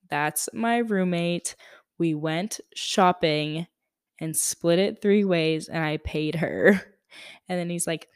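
A woman's voice: on the low side, clean tone, no room sound, studio quality. A young woman hosting a podcast, telling a story in a chatty, exasperated way with lots of fillers. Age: young adult. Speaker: podcast host. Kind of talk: casual storytelling monologue.

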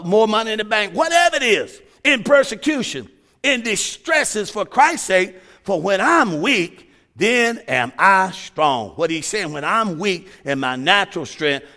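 A male pastor preaching a sermon, building to shouts and sung, chanted phrases. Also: sits high.

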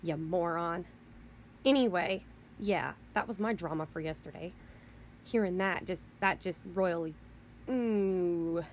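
A woman's voice: on the low side, normal speed, a little hiss or hum. A woman telling a story on her vlog as an angry, rambling rant, often saying "you know" and "I mean" and cursing in exasperation. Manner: swears in exasperation. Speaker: vlogger.

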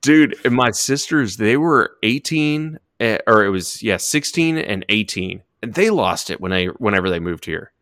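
A man's voice: fairly low pitch, expressive, normal speed, hardly any pauses, a bit bright, no echo, studio quality. A man in his thirties, raised partly in Australia, chatting casually on a podcast, laid-back and often swearing. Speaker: podcast host. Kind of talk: casual chat.

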